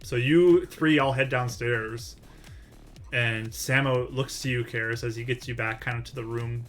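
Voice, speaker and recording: A man's voice: medium pitch, steady tone, a little slow, a bit bright, soft background music. A man narrating as game master in a tabletop role-playing session, loose and full of fillers.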